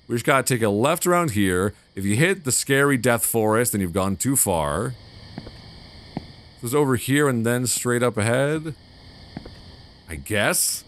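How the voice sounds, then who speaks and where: Lively, cursing male gamer. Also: mid-range voice, measured pace, long pauses. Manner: animated, swearing, easily flustered. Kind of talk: let's play commentary.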